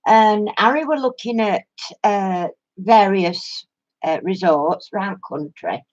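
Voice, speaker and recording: An older Yorkshire woman who vlogs about crafts chats casually with her viewers, telling a story with plenty of laughter. Her mid-range voice has a darkish tone and a slow pace, captured on a muffled lo-fi recording.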